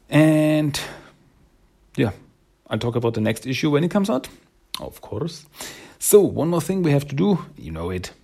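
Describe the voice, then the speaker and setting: Gravelly, husky male podcast host. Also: medium pitch, a little mellow. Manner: rambling, upbeat, many fillers. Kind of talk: casual solo podcast talk.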